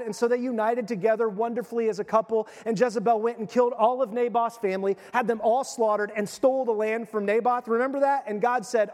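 A man's voice: high-pitched, steady tone, quick pace, few pauses, darkish tone, in a large hall. A male pastor giving a conversational sermon, retelling a story with casual asides.

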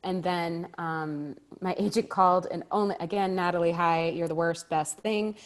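Woman, stage actor, lowish voice, animated storytelling, quotes dialogue, laughs a lot. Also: normal speed. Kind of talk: conversational storytelling.

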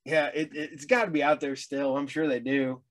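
Halting middle-aged man with a higher voice. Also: level tone. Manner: halting, repeats words, wry. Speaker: guest. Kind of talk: casual chat.

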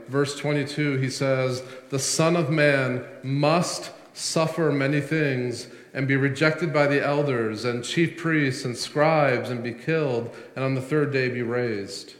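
A man delivering a sermon, leaning hard on key words and drawing them out as he builds. His voice sits at an ordinary middle pitch. It rings out through a roomy sanctuary with a long reverb tail. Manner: emphatic preaching, slowing and swelling on key words. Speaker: pastor.

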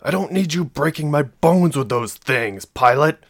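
A man's voice: on the low side, moderate pace, fairly bright tone, lightly acted. A man doing a snapping, short-tempered sergeant. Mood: snappish. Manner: snapping, barking orders. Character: gruff male sergeant, curt and short-tempered.

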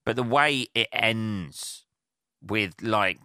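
A man on his own podcast, ranting in a loose, swear-heavy ramble full of restarts. His voice is lowish, bright and crisp, recorded dry and close on a handheld recorder. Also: very slow, no echo. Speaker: podcast host. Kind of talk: casual solo rant. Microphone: handheld portable recorder.

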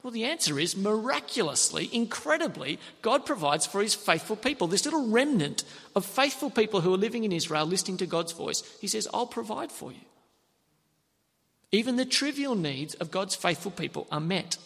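A man preaching a sermon, telling the story in a lively way and acting out the characters' lines. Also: sits high, moderate pace, gravelly, breathy edge. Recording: long reverb of a hall.

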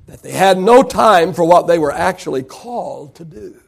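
A high-pitched man preaches from the pulpit. He pushes his voice up on key points and asks the congregation questions before answering them himself. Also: lively intonation, moderate pace, vocal fry, husky. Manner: preaching with rising emphasis and rhetorical questions. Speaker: pastor. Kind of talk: sermon.

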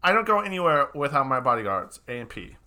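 A man's voice: medium pitch, sing-song, quick pace, sharp tone. A man voicing a greedy, frazzled, sleepless male wizard in a comedic tabletop game, speaking in a haughty manner. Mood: pompous.

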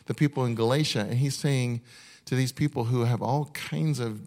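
A male pastor giving a sermon in an earnest, conversational way, often restarting his sentences and slowing down to read a list one item at a time. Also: mid-range voice, steady tone, darkish tone.

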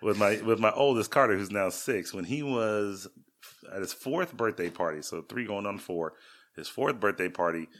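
A man's voice: on the low side, moderate pace, a bit bright. A man in his thirties, a podcast co-host, telling self-deprecating stories in a rambling casual way with lots of restarts. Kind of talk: casual storytelling chat.

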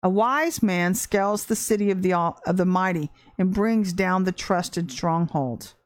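A woman preaching an informal livestream sermon, earnest and animated, repeating phrases for emphasis. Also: lowish voice, unhurried. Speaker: preacher hosting a livestream devotional.

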